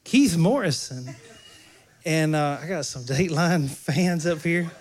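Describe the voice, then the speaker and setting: A man's voice: a little high, animated, measured pace. Man preaching a casual sermon. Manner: conversational, jokes with the congregation. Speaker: pastor.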